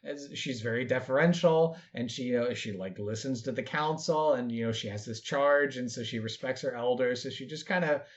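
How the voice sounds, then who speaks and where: A man describing his character's actions at a tabletop game, hesitant, full of ums and uhs, at a middle pitch. The recording is dull and lo-fi. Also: fairly quick, hardly any pauses. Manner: hesitant, many fillers. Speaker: tabletop role-play player.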